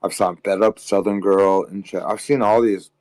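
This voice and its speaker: Man, lowish pitch, tired, crude and rambling livestream ranter, dry sound. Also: fairly even intonation, normal speed, a little mellow, dry recording, poor audio. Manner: crude, rambling, swears constantly, mocks others in high voices. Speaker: livestream co-host. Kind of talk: casual livestream rant.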